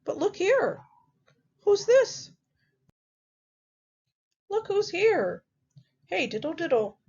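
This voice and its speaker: A woman's voice: very high voice, very animated, drawn-out words, darkish tone, dull audio, voice pushed up, exaggerated voice. A woman voicing a small, proud and cheerful male pig in a picture-book read-aloud, chirpy and welcoming.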